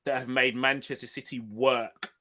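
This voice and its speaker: Bright-voiced man in blunt football chat. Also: mid-range voice, little pitch movement, moderate pace. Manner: swears freely, emphatic and passionate. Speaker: podcast co-host.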